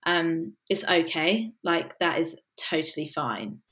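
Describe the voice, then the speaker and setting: A woman's voice: low voice, expressive, takes it slowly, fairly bright tone. A woman from the UK, a worship musician, talking earnestly and casually in a podcast interview, with many fillers.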